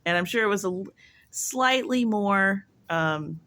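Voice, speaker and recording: A woman thinks out loud in a loose vlog to her viewers. Her talk wanders from thought to thought, full of "like" and "you know" and half-finished sentences. Her voice sits in an ordinary middle pitch. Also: expressive, measured pace. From United States. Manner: rambling, musing, heavy use of "like". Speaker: vlogger. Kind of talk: casual monologue to camera.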